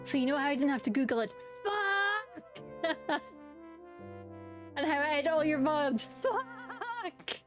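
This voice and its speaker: A woman streaming a game, excitable and self-mocking, swearing and laughing as she plays. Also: high voice, fairly quick, pauses often, music in the background. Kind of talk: let's play commentary.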